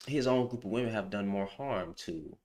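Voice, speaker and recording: A man's voice: on the low side, moderate pace, a little mellow. A man giving a heated, opinionated rant on a livestream, with slangy speech, who repeats phrases for emphasis. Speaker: livestream commentator.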